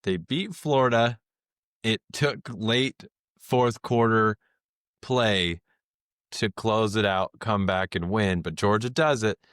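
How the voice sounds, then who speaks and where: A man's voice: lowish voice, takes it slowly, a bit bright, smooth, no echo, clean studio sound. A man co-hosting a sports podcast, announcing each team's ranking in short lines before handing over. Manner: reads out rankings briefly, then hands over. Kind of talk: casual podcast chat.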